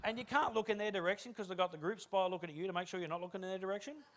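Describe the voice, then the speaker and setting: A man's voice: sits high, steady tone, racing, a bit bright. A man giving a humorous keynote talk on stage, telling self-deprecating anecdotes and acting out the dialogue. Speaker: keynote speaker.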